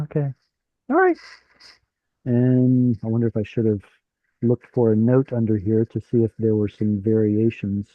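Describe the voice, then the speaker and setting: A man's voice: medium pitch, no echo, narrow, tinny audio. A man teaching an online Hebrew class, explaining while thinking aloud and asking his students questions. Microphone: video call.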